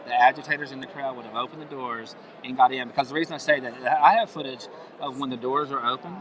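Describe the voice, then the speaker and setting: A man's voice: medium pitch, fast, a bit bright, poor audio. A man as a guest on a live stream, explaining his point in an insistent, argumentative way. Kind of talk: interview.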